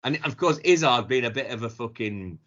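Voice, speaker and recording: A man's voice: mid-range voice, animated, fairly quick, bright, forceful tone. A man, co-hosting a podcast in casual chat, telling stories full of swearing and putting on the voices of the people he quotes. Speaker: podcast co-host. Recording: dull lo-fi sound.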